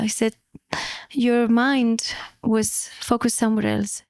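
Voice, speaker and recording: A woman's voice: fairly high pitch, fairly even intonation, slow pace, clean tone, dry recording. A woman in her thirties, a mother, sharing a personal story in a conversation, hesitant and emotional, often restarting her sentences. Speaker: mother in a spiritual community. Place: festival.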